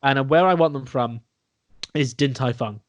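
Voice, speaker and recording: A man's voice: medium pitch, moderate pace, no echo, studio quality. A young man co-hosting a podcast, chatting over beers, enthusing about food with restarts and the odd swear. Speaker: podcast co-host. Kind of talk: casual chat over beers.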